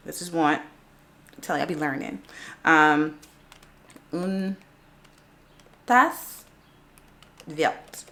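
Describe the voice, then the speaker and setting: Casual woman vlogger, lowish voice, chatty, talks through her practice out loud. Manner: chatty, self-narrating, sounding out words aloud. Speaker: vlogger learning French. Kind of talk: casual screen-recorded language vlog.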